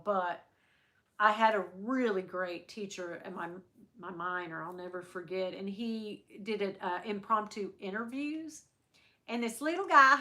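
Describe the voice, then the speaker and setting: A woman's voice: medium pitch, pushed and bright. A woman from the American South with a Southern accent, chatting casually and rambling with live viewers as a stream host. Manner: chatty, rambling, many restarts. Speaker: livestream host.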